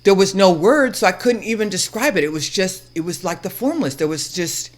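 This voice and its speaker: Male co-host, casual chat, slightly high and very lively pitch, animated and expressive. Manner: animated, expressive, quick to laugh and act out quotes. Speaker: podcast co-host.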